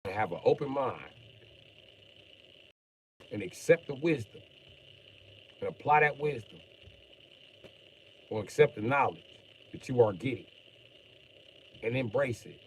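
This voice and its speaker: A middle-aged man ranting bluntly and profanely on a live stream, jumping from mutters to sudden shouts while joking around. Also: mid-range voice, animated, unhurried, pauses often, a little hiss or hum, rough recording. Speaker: livestreamer.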